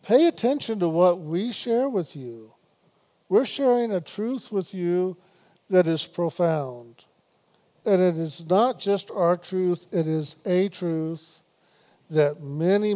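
Slow, mellow-voiced man teaching meditation. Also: high voice. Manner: unhurried, repetitive, gently teasing with laughs. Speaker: spiritual teacher. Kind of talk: meditation talk.

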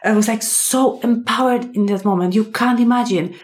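A woman, a podcast guest telling a personal story in a casual, animated way, full of fillers and acted-out dialogue. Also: on the high side, moderate pace. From Poland. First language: Polish. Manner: animated, acts out quoted dialogue, many fillers.

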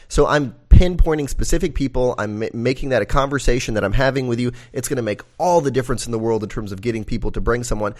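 A man's voice: medium pitch, fast, few pauses. A man co-hosting a business podcast in casual conversation, talking through examples and laughing easily. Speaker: podcast co-host.

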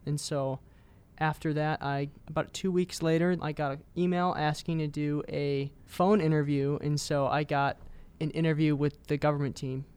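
Young man with a clear voice. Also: a little high, steady tone, moderate pace, darkish tone. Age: young adult. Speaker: student guest. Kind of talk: casual podcast chat.

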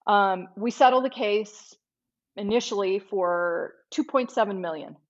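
A woman's voice: mid-range voice, measured pace. A woman trial lawyer, a podcast guest, telling a case story vividly and acting out what people said. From Los Angeles-based. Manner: vivid retelling, acts out quoted speech. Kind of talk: storytelling in conversation. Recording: dull lo-fi audio.

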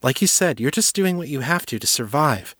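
A man reading aloud and voicing a calm, firm young woman telepath who explains and reassures steadily. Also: on the high side, a little fast, husky, no echo, studio quality, pitched above the performer's own voice. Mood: reassuring.

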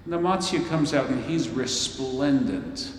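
A man's voice: medium pitch, animated, a little slow, slight background noise. A man preaching a storytelling sermon in a large worship hall, theatrical and wry, with playful asides. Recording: echoey hall from far off.

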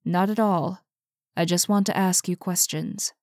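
Woman reading polite interviewer asking careful questions, slow and dry. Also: fairly low pitch, steady tone, a little mellow, dry recording, natural voice. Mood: probing.

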